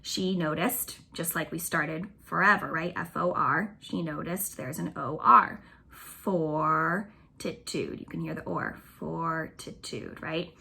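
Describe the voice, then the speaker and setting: Bright-voiced cheerful woman teaching young kids. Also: low-pitched, normal speed, gravelly, few pauses, husky. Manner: cheerful, patient, stretches out words and claps syllables. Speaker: elementary school teacher. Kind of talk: recorded remote class lesson.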